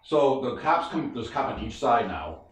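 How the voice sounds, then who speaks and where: Comic guest, swings wide in pitch, roomy distant sound. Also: male voice, moderate pace. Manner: animated, profane, acts out voices. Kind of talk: casual storytelling. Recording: echoey room, distant mic.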